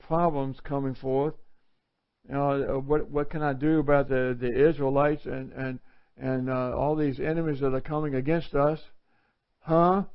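A male preacher giving an earnest, conversational sermon full of rhetorical questions. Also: medium pitch. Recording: dull lo-fi recording.

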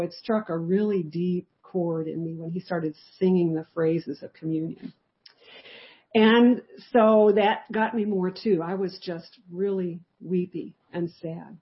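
Woman Bible teacher, low-pitched, conversational storyteller, muffled lo-fi sound. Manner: conversational storytelling, lively shifts in loudness. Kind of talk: personal testimony in a live Bible study.

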